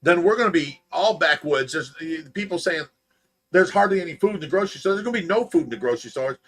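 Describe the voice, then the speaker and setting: Man, livestream host, animated storyteller, acts out voices, high pitch, bright tone. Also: fast talker. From United States. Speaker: livestream host of a fish rescue.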